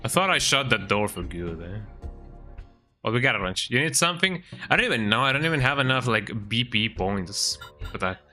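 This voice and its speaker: A man's voice: mid-range voice, big pitch swings, fairly quick, bright, forceful tone, soft background music. A man streaming a game, chatting casually, often ending sentences with "eh?" and talking to his cat. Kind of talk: casual gameplay commentary.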